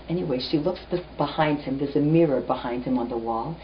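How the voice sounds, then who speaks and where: A woman giving a lecture, talking directly to her listeners and telling stories in an animated way. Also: low voice, normal speed, slight background noise. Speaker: teacher. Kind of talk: storytelling lecture. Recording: muffled lo-fi recording.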